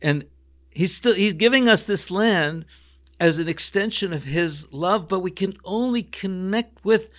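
An older rabbi in his sixties tells a family story in a reflective interview voice that sits a little high for a man. He restarts his sentences often and slips Hebrew phrases into the telling. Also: moderate pace, a bit bright. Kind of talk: personal storytelling in a podcast interview.

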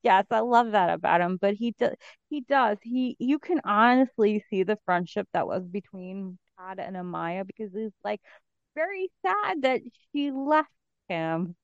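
Animated woman on a dull, dry mic. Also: medium pitch, measured pace, vocal fry, no echo. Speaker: podcast co-host. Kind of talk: casual chat recapping a TV episode.

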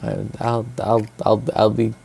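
A man co-hosting a casual podcast chat, telling stories in a rambling, animated way with lots of fillers and swearing. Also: fairly low pitch, unhurried, gravelly, husky. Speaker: podcast co-host.

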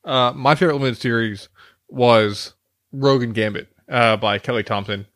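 A man's voice: mid-range voice, moderate pace, a bit bright, no echo. A man co-hosting a podcast in casual chat, rambling and hesitant, with lots of fillers. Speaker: podcast co-host.

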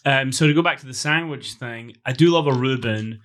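A man's voice: mid-range voice, a little fast, a bit bright. Joking man podcast co-host. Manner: joking, argumentative, trails into asides. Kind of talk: casual chat.

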